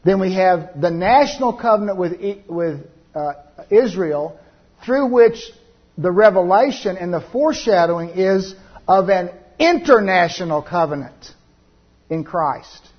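A man preaching a Bible teaching sermon, reading scripture aloud slowly and then explaining it with many filler sounds. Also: high-pitched, animated, husky, dull audio.

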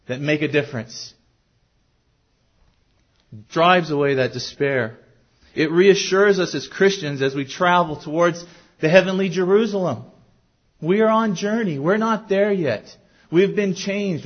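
A fairly high-voiced man preaching a sermon in a church sanctuary. He speaks earnestly and keeps putting questions to the congregation. The recording is dull and lo-fi. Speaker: pastor.

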